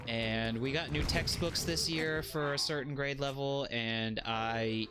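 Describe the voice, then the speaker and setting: A man streaming a game while chatting casually, often yelping and shouting at what happens on screen. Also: mid-range voice, unhurried. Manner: animated, yelps and shouts at the game. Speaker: streamer and schoolteacher. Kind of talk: casual live gameplay commentary. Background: game music.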